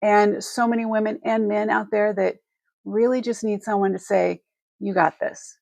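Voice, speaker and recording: A woman's voice: medium pitch, level tone, moderate pace, creaky, a little mellow, no room sound. A woman hosting a live selling stream, talking to her viewers in a heartfelt, rambling way with many restarts, emotional and close to tears.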